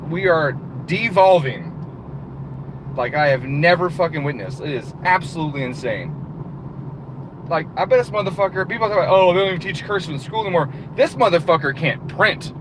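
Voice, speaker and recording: A man's voice: on the high side, noisy background. A man delivering a heated, profane, exasperated rant as a channel host. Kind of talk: profane ranting monologue.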